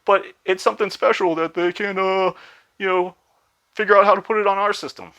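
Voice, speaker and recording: A man's voice: high voice, steady tone, a little fast, sharp tone, lo-fi sound, pitched above the performer's own voice. A man putting on a polite company spokesman in a put-on accent. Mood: mock-earnest.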